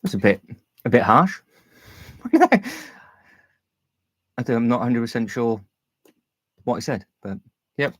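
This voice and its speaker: A man's voice: medium pitch, sing-song, unhurried, long pauses, rough recording. A man hosting a casual livestream, thinking aloud while rearranging a build, rambling with restarts and fillers. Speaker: livestream host. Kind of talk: casual live-stream chat while building.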